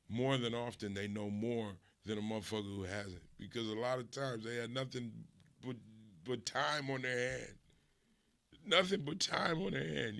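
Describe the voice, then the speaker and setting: Gravelly, laid-back male storyteller. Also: lowish voice, fairly bright tone. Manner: laid-back, profane, laughs often. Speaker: host. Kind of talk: casual storytelling.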